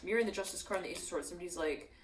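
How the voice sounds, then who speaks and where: A woman's voice: lowish voice, rapid-fire, distant mic, a little hiss or hum. Woman, tarot reader, rambling delivery, echoey room, mic set back. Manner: rambling, acts out quoted voices. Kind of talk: channeled tarot reading.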